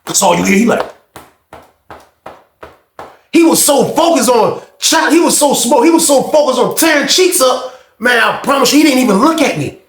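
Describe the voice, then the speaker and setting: A young man telling a casual storytime, animated and slang-heavy, swearing freely. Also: extremely high pitch, normal speed, pauses often, roomy sound.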